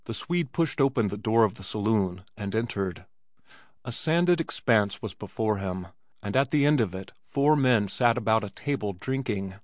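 A man reading a classic story as an audiobook narrator, measured and even. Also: fairly low pitch, no room sound, clean studio sound. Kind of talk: scripted narration.

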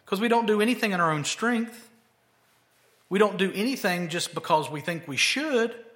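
A man's voice: high-pitched, animated, moderate pace, a bit bright. A male pastor preaching a sermon conversationally, with emphatic rhetorical questions.

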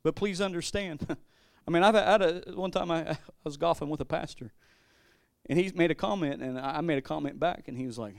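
A male pastor preaching a sermon, swinging from loud declarations to quiet asides, with frequent stammered restarts. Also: on the high side, brisk, vocal fry, no echo, clean studio sound.

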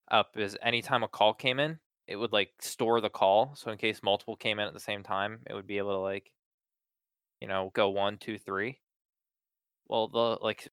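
Smooth low-voiced man, dry close sound. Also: fairly bright tone, no echo. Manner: laid-back, heavy use of "like". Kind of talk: casual chat.

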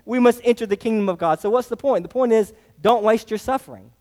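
A man's voice: high-pitched, fast, hardly any pauses, a little mellow. A man preaching a sermon as a pastor, emphatic, repeating his phrases and putting rhetorical questions to the congregation. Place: church sanctuary. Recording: long reverb of a church hall.

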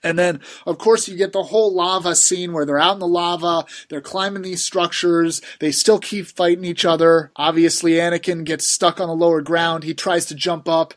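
A man with a slightly raised voice talks eagerly, ranking his favorite movie scenes on a podcast. He is opinionated and quick to crack jokes. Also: a little high, fairly even intonation. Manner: enthusiastic, opinionated, joking. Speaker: podcast co-host. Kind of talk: casual movie discussion.

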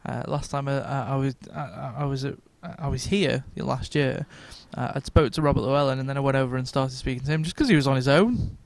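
A man's voice: mid-range voice, fast, gravelly, few pauses. A man co-hosting a podcast, chatting casually at a comic convention, rambling with restarts and frequent laughter. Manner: rambling, self-interrupting, laughs often. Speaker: podcast co-host. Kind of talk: casual chat.

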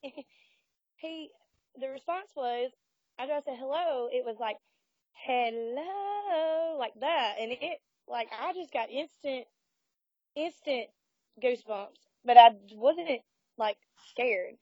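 A woman with a drawl recounts a spooky night at a cemetery in a casual, animated way, laughing and putting on voices for what others said. Her voice sits a touch high, recorded dry and close, with a dull, muffled sound. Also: measured pace, long pauses, no room sound. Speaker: guest telling a ghost story. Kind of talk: casual storytelling.

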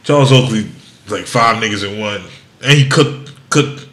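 A man's voice: lowish voice, moderate pace, echoey room. A man hosting a podcast, telling rowdy stories in casual chat, acting out quotes and laughing often. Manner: loud animated storytelling, acts out quotes, laughs often. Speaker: podcast host.

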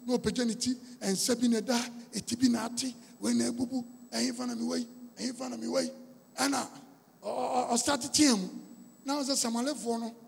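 A man's voice: very high voice, creaky, husky. A man with a Ghanaian accent preaching a storytelling sermon, with a repetitive, emphatic cadence. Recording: long reverb of a large hall.

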